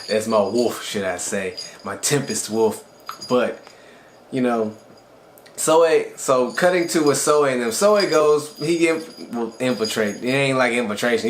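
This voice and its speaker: A man who reviews anime for his channel recaps an episode casually, sounding loose, excited and conversational. His pitch sits mid-range for a man, and the echoey room carries a faint background noise beneath him.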